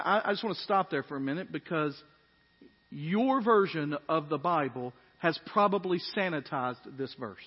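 A pastor with a husky voice that sits high preaches a sermon full of emphatic rising phrases, often putting questions to the congregation. The sermon audio sounds dull, with long hall reverb.

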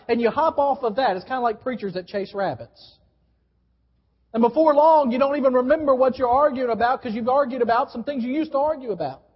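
Male pastor, high voice, emphatic sermon delivery that gets the congregation to respond, reverberant hall, muffled live recording. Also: a little fast, husky. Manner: emphatic, repeats key phrases, coaches the congregation to respond. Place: church sanctuary. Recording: dull live church recording with long reverb.

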